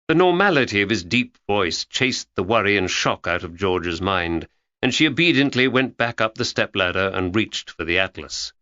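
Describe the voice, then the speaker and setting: Male audiobook narrator, bright and lively, with a dull, lo-fi sound. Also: lowish voice, moderate pace, dry recording. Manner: expressive storytelling. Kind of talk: scripted narration.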